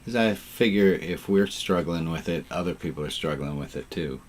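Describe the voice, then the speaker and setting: A man's voice: sits low, moderate pace, a little hiss or hum. A man leading an online service as rabbi, casual and playful, fond of puns, on a video call.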